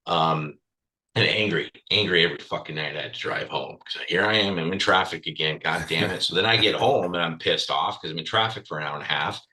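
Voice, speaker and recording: A man's voice: sits low, fairly quick, pushed and bright, poor audio. A man speaking as a podcast guest, telling a candid personal story bluntly, swearing freely and with raw emotion.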